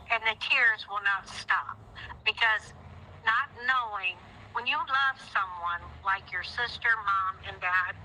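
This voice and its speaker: A middle-aged woman talking earnestly in a chat, repeating herself and turning heated and shrill as she goes on. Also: pushed and bright, slight background noise, rough recording. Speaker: guest sharing her story. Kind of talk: emotional phone-in chat.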